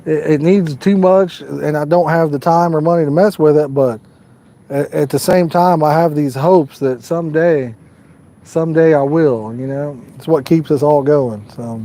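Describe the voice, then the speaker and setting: A man's voice: on the high side, moderate pace, warm tone. A man hosting a fishing livestream, rambling in a folksy, casual way and talking to the viewers in chat. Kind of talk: casual live-stream chat.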